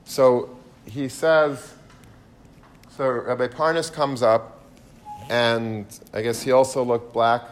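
Man telling a story, animated, lots of asides and restarts, normal pitch. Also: slow, long pauses. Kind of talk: storytelling talk.

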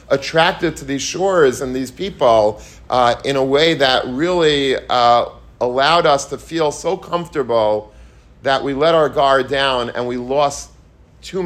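A man gives a Torah lecture on the weekly portion in a mid-range voice. He is earnest and repetitive, poses rhetorical questions, and sprinkles in Hebrew and Yiddish terms.

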